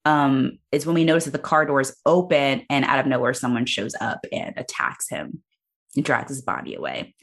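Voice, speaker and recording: A woman hosting a casual movie podcast, recapping the plot in an animated way and laughing often. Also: rumbling low, normal speed, creaky. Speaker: podcast host.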